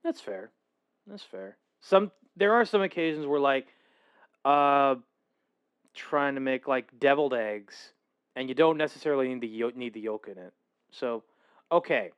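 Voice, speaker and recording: A man's voice: medium pitch, animated, a little slow, long pauses, smooth, dull audio. A man streaming casually for his viewers, rambling, correcting himself and laughing as he reacts to a video.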